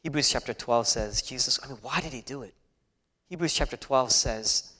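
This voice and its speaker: A man preaching a sermon, swinging between hushed, whispered passages and loud, emphatic peaks. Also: mid-range voice, expressive, fairly quick.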